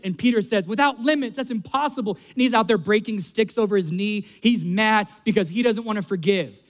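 A man preaching a sermon, earnest and building to emphatic peaks. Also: sits high. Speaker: pastor.

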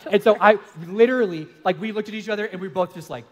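A man's voice: high-pitched, very fast, hardly any pauses. A man co-hosting a talk on marriage, speaking earnestly in a casual sermon style and telling self-deprecating stories. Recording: hall reverb.

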